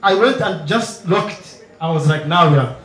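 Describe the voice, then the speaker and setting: A man performing a stand-up comedy set on stage, acting out characters with sudden loud high shouts. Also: measured pace, roomy sound, rough recording. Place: comedy stage before a live audience.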